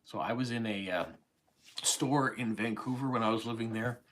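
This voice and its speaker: A Canadian man in his forties, with a slight English-tinged accent, hosts a live stream and rambles casually through viewer comments, full of fillers and asides. His voice is medium in pitch and a bit bright, with fairly even intonation at a normal speed.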